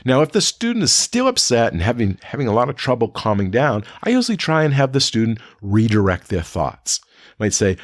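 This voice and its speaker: A man speaking as an educator, giving a spoken lecture to teachers and raising his pitch when he acts out what he says to students. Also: brisk, dry recording, clean studio sound. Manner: animated, pitch jumps when quoting students.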